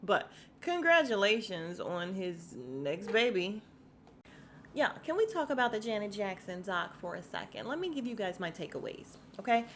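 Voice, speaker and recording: A woman podcast host with a mid-range, sing-song voice rants casually about celebrity news at a moderate pace, chatting with her listeners and laughing often. Slight background noise is present.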